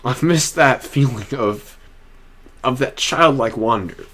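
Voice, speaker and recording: A man's voice: medium pitch, takes it slowly, fairly bright tone. A young man talking to camera in a personal vlog, rambling and restarting often, earnest and emotional. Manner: earnest and heartfelt. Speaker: vlogger.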